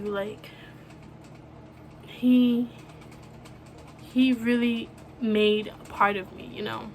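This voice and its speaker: Young woman, higher register, soft halting delivery with lots of fillers; personal vlog to camera, light background hiss. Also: level tone. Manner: soft, halting, full of fillers like "you know". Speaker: vlogger. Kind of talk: emotional personal talk to camera.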